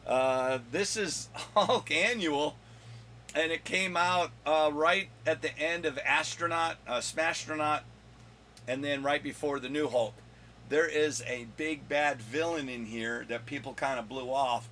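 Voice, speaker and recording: A man hosting his own video countdown of comic finds, rambling and joking with his son off camera, with a slightly hoarse voice. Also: fairly high pitch, slow pace, a bit bright, a little hiss or hum. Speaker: comic collector and channel host.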